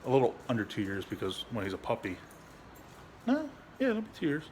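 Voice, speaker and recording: A man's voice: huge pitch swings, brisk, darkish tone, a little hiss or hum. A man talking bluntly in a casual, rambling vlog at home, swearing often and restarting his sentences. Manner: high baby-talk voice when speaking to his dog. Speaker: veteran vlogger.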